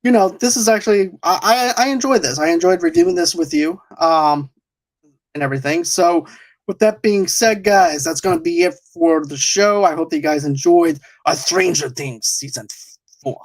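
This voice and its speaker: A man's voice: fairly high pitch, normal speed. A man hosting a podcast in casual chat, rambling and restarting his sentences with frequent chuckles. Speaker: podcast host.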